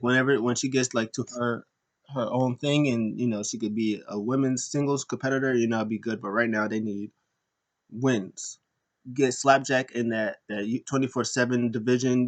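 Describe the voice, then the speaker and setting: Rambling jokey man recapping wrestling. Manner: rambling, jokey, mimics wrestlers in high squeaky voices. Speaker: wrestling podcast host. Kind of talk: casual recap commentary.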